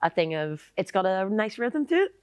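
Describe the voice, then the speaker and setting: Northern Irish woman, animated chat. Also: mid-range voice, clear, resonant tone, dry recording. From Northern Ireland. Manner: animated, laughs easily, quick bursts. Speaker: guest, performance artist. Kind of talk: casual podcast chat.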